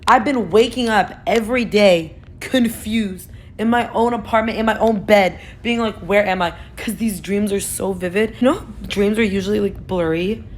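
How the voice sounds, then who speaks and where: A woman's voice: medium pitch, normal speed, a little hiss or hum. A young woman in her twenties talking casually and frankly to her phone camera, swearing and saying "like" a lot. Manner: chatty, frank, swears, lots of "like". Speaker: TikTok creator.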